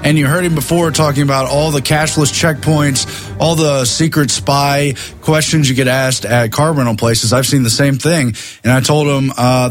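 A man's voice: medium pitch, no room sound. A man sitting in as talk radio host, speaking in a conversational, matter-of-fact way.

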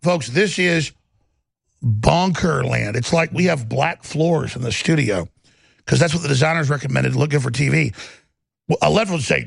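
A middle-aged male host with a high, heavily gravelly voice, delivering scornful, rambling political commentary. His voice is close and dry, with no room sound. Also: animated, moderate pace, no echo.

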